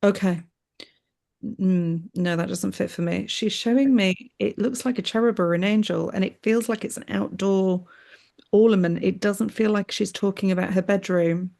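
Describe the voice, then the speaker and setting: A woman medium on a video call, giving a live reading in a gentle, affectionate way. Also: mid-range voice, normal speed, vocal fry. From United Kingdom. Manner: gentle, affectionate, often says "my darling" and "that's what I'm aware of".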